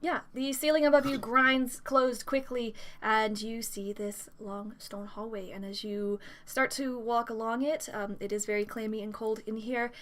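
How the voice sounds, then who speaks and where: A woman's voice: a little high, fairly even intonation, moderate pace, hardly any pauses, fairly bright tone. A woman narrating a tabletop game as dungeon master, describing scenes with frequent fillers.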